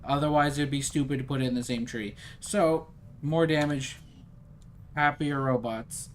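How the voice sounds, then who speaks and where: A man's voice: medium pitch, steady tone, normal speed, a little hiss or hum. A man casually commenting while he plays a strategy game, rambling and self-deprecating as he thinks aloud. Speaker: gaming streamer. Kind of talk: casual let's-play commentary.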